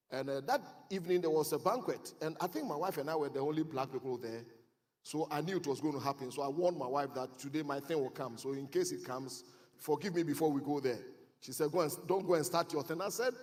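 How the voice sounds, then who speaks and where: Storytelling preacher man in a reverberant hall. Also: on the high side. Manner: storytelling, building to loud emphatic exhortation. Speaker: bishop. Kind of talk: sermon. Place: conference hall.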